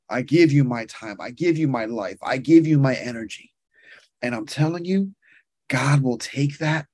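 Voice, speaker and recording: A man's voice: medium pitch, no echo. Passionate preaching man, dry sound. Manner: passionate, rising and falling, addresses listeners as brothers and sisters. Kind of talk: sermon and prayer.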